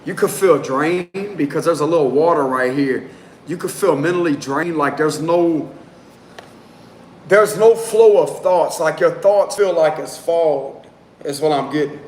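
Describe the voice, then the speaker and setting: A man's voice: on the high side, a little slow, darkish tone. A man doing a casual live tarot reading, talking in a loose, slangy way and prone to giggling. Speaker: tarot reader. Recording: roomy echo, faint background noise.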